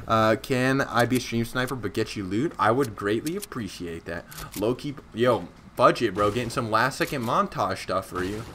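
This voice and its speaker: A young man streaming a game live, chattering in quick gamer slang and yelping at every close call. His voice sits at an ordinary middle pitch, and a faint hiss runs underneath. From Scotland. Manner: excitable, slangy gamer chatter with sudden outbursts. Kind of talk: live gameplay commentary.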